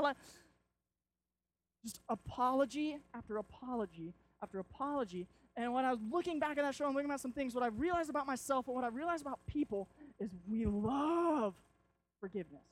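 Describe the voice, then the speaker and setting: High-voiced young man preaching animatedly. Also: fairly quick. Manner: animated storytelling, acts out shouts and quotes. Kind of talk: sermon.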